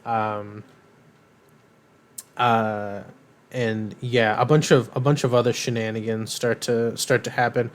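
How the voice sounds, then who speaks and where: Young man, podcast co-host, casual recap, rambling, filler-heavy, average pitch. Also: takes it slowly, long pauses. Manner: rambling, filler-heavy, animated retelling with quoted voices. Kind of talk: casual chat recapping a cartoon.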